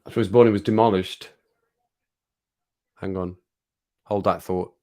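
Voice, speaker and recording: A man's voice: low-pitched, steady tone, unhurried, a little mellow. A middle-aged man with a Birmingham accent hosting a livestream, chatting casually with viewers in a jokey, rambling way. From England. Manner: jokey, rambling, chuckles often. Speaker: livestream host. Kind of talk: casual chat to live chat.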